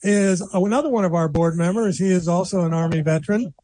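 A man's voice: high-pitched, fairly quick, dark tone, dry recording. An older man hosting a radio show, chatting casually and self-deprecatingly, laughing often.

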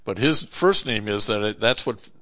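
Low-voiced male interviewer, halting. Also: lively intonation, pushed and bright. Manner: halting, with many fillers and restarts. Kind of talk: interview questions. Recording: dull lo-fi recording.

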